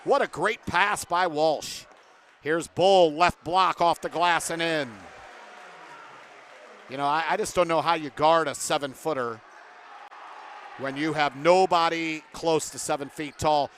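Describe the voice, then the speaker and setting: A man's voice: a little high, steady tone, a little slow, long pauses, a bit bright, slight background noise. Chatty man calling a basketball game. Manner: chatty, interviews guests between plays. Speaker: play-by-play announcer. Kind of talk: basketball play-by-play commentary. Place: broadcast booth at a gym.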